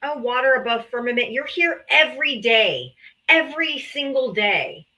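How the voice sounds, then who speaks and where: A woman's voice: high voice, animated, normal speed, bright, forceful tone, poor audio. A woman hosting a political livestream, combative and taunting, calling out viewers to come up and talk. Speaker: livestream host.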